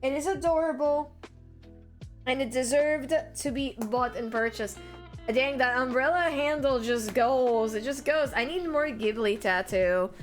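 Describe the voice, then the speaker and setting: A woman streamer, chatting casually with viewers and greeting them with excited squeals. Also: a little slow, soft background music. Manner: bubbly, greets chat with high excited squeals. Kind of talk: casual live-stream chat.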